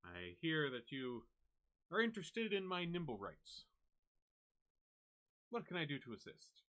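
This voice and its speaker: A man's voice: huge pitch swings, unhurried, pushed and bright, heavily acted. Man doing a swaggering drow sea captain. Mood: ingratiating. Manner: smooth salesman pitch, showy. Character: swaggering flamboyant male drow ship captain.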